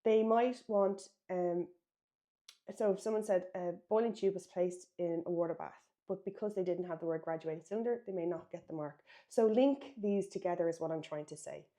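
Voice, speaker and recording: A woman's voice: fairly low pitch, moderate pace, dark tone. A woman from Ireland teaching a biology exam revision lesson, emphatic and correcting herself as she writes. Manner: instructive, emphatic, self-correcting while writing.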